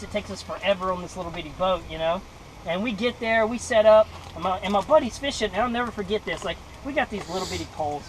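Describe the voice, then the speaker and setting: A young man from Mississippi, telling a lively personal story in a devotional talk and acting out the voices. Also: high-pitched, slight background noise, low-quality recording. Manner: animated storyteller acting out voices, laughing often. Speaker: devotional speaker.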